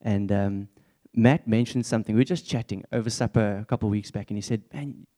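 Young male preacher, relaxed warm timbre, earnest and chatty. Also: on the low side, quick pace. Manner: earnest, conversational, candid. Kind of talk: church sermon.

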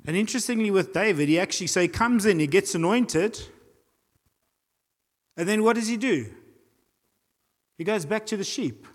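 Man, South African accent, pastor, lively sermon, fairly high voice, long church-hall reverb. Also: moderate pace, pauses often. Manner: animated preaching with acted-out voices and reading aloud.

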